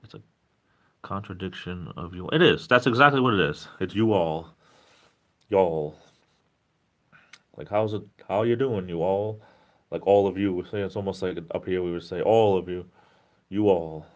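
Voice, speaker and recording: Low-voiced chatty New England man. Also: a little fast. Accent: southeastern New England. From southeastern New England. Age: 40s. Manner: rambling, reads viewer chat aloud and answers it; speeds up when excited. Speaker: live stream host. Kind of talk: casual live stream chat.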